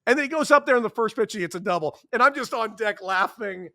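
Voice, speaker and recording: A man in his thirties, a podcast guest telling a story in a casual, animated way, acting out quotes with sudden jumps in voice. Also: fast talker, dry recording, studio quality. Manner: animated, acts out quotes with big pitch jumps. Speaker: podcast guest, former baseball player.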